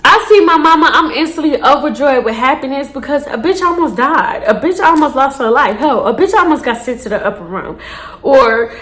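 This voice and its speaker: A young woman with a slightly high voice tells a story straight to her viewers, animated and blunt. She swears freely and throws in slangy asides. The room gives her voice a noticeable echo. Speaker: storytime vlogger. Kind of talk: casual storytime monologue. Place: indoors, seated on a chair.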